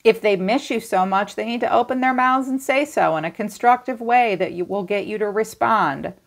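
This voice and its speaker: A woman's voice: fairly high pitch, moderate pace. A woman giving a casual tarot reading to her viewers, blunt and chatty, teasing and full of fillers. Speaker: tarot reader.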